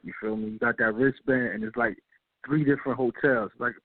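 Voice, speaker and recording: A man hosting a radio talk show, telling a story in a relaxed, slangy way and often checking in with the listener. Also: medium pitch, fairly quick, dry recording. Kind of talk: casual storytelling. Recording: dry, phone-like radio audio.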